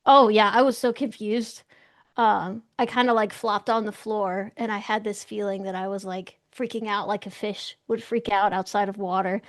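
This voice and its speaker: A young woman, a guest in an interview, telling a story in an animated, excitable way and acting out the voices she quotes. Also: mid-range voice, moderate pace, no room sound, clean studio sound.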